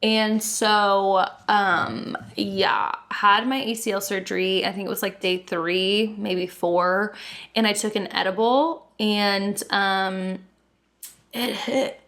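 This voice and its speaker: A podcast co-host in her thirties tells a casual story slowly in a medium-pitched voice, laughing a lot, swearing freely, and staying animated throughout.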